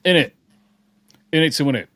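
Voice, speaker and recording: This podcast co-host talks briskly, his voice slightly high and a touch bright, with no room sound. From the English Midlands, with an English accent partly southern, he chats casually, reading comments aloud and cracking rambling jokes with repeated words.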